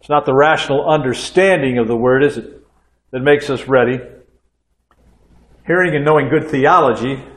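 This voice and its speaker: An older man delivers a sermon in a relaxed, folksy storytelling way, dropping conversational asides to his listeners. His voice sits at an ordinary middle pitch, and the room around him rings with a noticeable echo. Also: normal speed, long pauses. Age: 60s. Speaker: pastor. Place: church hall. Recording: echoey room.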